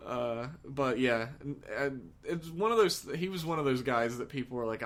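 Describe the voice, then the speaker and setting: A man's voice: mid-range voice, moderate pace, few pauses, fairly bright tone. A man co-hosting a podcast in casual chat, joking, swearing freely and laughing often. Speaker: podcast co-host.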